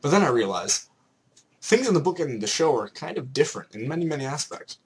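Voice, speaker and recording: A young man from Canada rants at a quick, excitable clip, his voice sitting a little high. He tosses in playful mock voices. A faint hiss runs under the recording. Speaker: vlogger. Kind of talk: ranting vlog.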